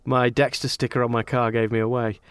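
A man's voice: mid-range voice, level tone, a little fast, clean tone, dry recording. A man hosting a podcast, chatting casually and teasing his guest. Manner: teasing, provocative. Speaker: host.

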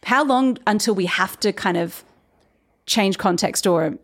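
A woman hosting a podcast interview, enthusiastic, with quick affirmations. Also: medium pitch. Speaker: podcast host.

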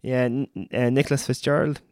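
A man's voice: medium pitch, little pitch movement, brisk, a little mellow, dry recording, clean studio sound. An Irish man co-hosting a podcast, reading out facts and names with small hesitations. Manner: reads out facts and lists with hesitations. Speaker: podcast co-host. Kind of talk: casual chat.

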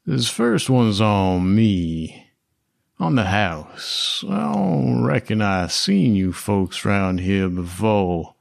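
A man's voice: on the low side, sing-song, creaky, no room sound, clean studio sound, exaggerated voice. A man doing a drawling cowboy businessman. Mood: folksy. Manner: slow, drawling, folksy. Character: slow-striding cowboy-hatted man, smooth talker.

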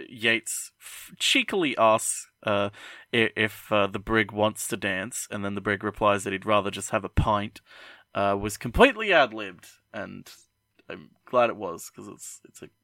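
A man co-hosting a podcast chimes in with casual trivia, hesitating often. His voice is low but bright and forceful. The recording is dry and close, with no room sound. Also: dry recording. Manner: chatty trivia asides, hesitant with many fillers. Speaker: podcast co-host.

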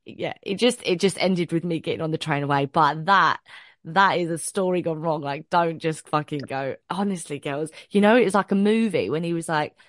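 A podcast co-host with a low voice tells a story at a moderate pace during a casual chat. She's animated, swears freely, and acts out the quotes. The audio is studio quality with no echo.

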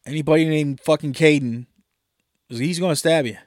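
A man's voice: fairly high pitch, normal speed, no room sound, clean studio sound. A man co-hosting a podcast, telling rambling, profane stories in casual chat. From Delaware, US. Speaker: podcast co-host.

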